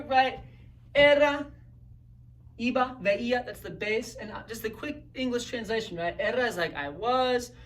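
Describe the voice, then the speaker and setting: Female teacher, patient drilling delivery, slow pace, recorded from a few feet back. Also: lowish voice, far from the mic, a little hiss or hum. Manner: patient, drills words for repetition with frequent "right?" checks. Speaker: Spanish teacher. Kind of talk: recorded grammar lesson.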